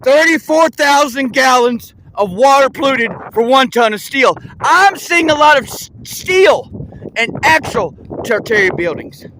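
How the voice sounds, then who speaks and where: A man's voice: extremely high pitch, expressive, measured pace, bright, forceful tone, a little hiss or hum, rough recording. A man in a rambling, accusatory monologue, firing rhetorical questions at another creator and restarting his sentences often.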